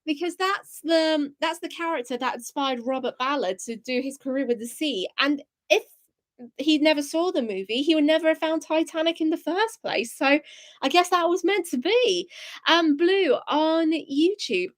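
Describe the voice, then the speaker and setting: A young woman hosting a live stream in casual chat, reading viewers' comments aloud and answering them with excited gasps. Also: high-pitched, moderate pace.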